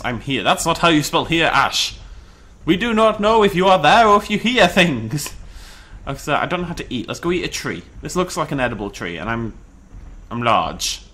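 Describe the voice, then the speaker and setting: A British man giving excited, chatty commentary on a dinosaur survival game, breaking into laughs and shouts. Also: fairly high pitch. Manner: animated, shouts and laughs in bursts. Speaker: gameplay commentator. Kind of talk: excited let's-play commentary.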